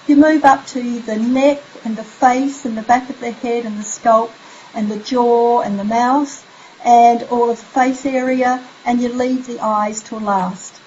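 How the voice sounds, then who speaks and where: Woman, parenting coach, higher voice, gentle soothing delivery, slightly muffled recording. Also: steady tone. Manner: drops to a soft, slow, sleepy voice when modeling bedtime phrases. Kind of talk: instructional parenting tips. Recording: slightly dull recording with faint hiss.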